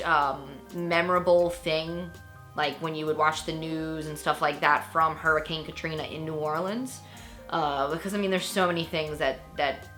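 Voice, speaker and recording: Bright-voiced, chatty woman reviewing books. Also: on the low side. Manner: chatty, animated, laughs often, many fillers. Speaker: book reviewer. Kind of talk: casual vlog book review.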